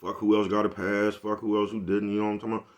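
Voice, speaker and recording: Deep-voiced, fast-talking man ranting casually. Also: flat delivery. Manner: repeats "you know what I'm talking about"; laid-back, profane street talk. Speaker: vlogger. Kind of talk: casual monologue to camera.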